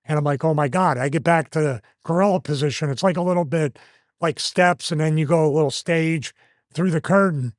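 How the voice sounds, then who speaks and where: A man in his fifties hosts and tells a story in a casual, animated style, acting out each quoted line. His voice sits fairly high for a man. The sound is dry and close to the mic. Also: fairly quick, dry recording. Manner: animated, acts out quoted lines. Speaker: host, former wrestler.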